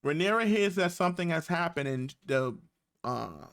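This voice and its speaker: A man's voice: fairly high pitch, expressive, normal speed, a bit bright. A man casually recapping a TV episode, loose and slangy, with lots of fillers and acted-out quotes. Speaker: YouTube reviewer.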